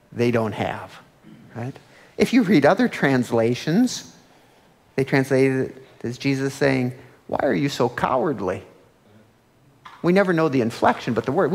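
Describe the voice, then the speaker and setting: Pastor, male, conversational sermon delivery with questions to the congregation, lively dynamics, long church reverb. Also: medium pitch. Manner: conversational preaching with rhetorical questions; animated, swings between loud and hushed. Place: church sanctuary.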